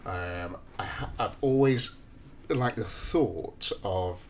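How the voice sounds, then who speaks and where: A man co-hosting a podcast, teasing his co-host with sweary banter and quick interjections. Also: fairly low pitch, slight background noise. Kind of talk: casual chat.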